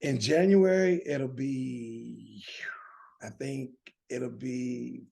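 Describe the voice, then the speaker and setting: Drawing out his words in a mid-range, gravelly and warm voice, a middle-aged man from the United States with a Southern drawl speaks as an interview show guest. He recounts his story conversationally and earnestly, restarting often.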